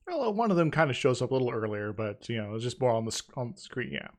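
A man's voice: mid-range voice, very animated, fast talker. A man co-hosting a casual podcast, speaking hesitantly with frequent fillers and chuckles. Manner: hesitant, many uhs and restarts, chuckles often. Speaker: podcast co-host.

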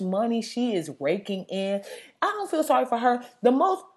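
A woman ranting in blunt, sassy, profanity-filled casual talk, with sudden loud outbursts. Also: fairly high pitch, sing-song, moderate pace.

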